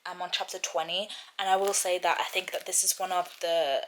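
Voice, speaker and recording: A woman's voice: on the low side, level tone, fairly quick, a bit bright, a little hiss or hum, low-quality recording. A young woman talking casually to her camera in a reading vlog. She rambles in a chatty way and gets emotional about the book. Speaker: book vlogger.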